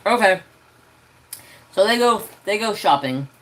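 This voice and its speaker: A man telling a story on his crafting livestream, talking casually from home. His delivery is animated and ranting, and he swears freely. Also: sits high, unhurried. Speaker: crafting channel host.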